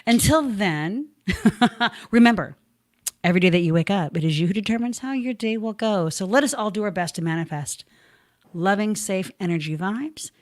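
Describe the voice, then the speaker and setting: A woman's voice: mid-range voice, animated, moderate pace, dry recording, studio quality. A woman hosting a casual podcast interview, bubbly and effusive, laughing often. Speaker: podcast host.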